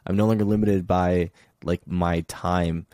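A man's voice: sits low, fairly even intonation, unhurried, warm tone, no room sound, clean studio sound. A young man talking casually as a podcast guest from his childhood bedroom, laid-back and filling his speech with "like". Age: young adult.

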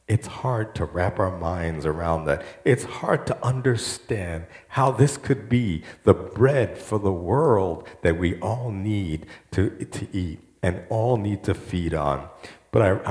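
Animated preaching man in a roomy hall. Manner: animated preaching, quoting voices with rising pitch. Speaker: pastor. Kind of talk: sermon.

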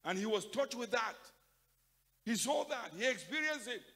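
An older man with a Nigerian accent preaching a sermon to a conference of pastors, emphatic, repeating phrases and swinging from loud to soft. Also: very high-pitched, expressive, normal speed. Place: large conference hall. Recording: long hall reverb.

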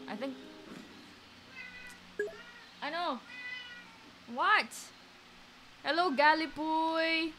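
Woman streamer, unhurried and a bit high-voiced, chatty live play-by-play over background music. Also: low-quality recording. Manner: chatty, excitable, reacts aloud to each play. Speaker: game streamer. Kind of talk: live gameplay commentary.

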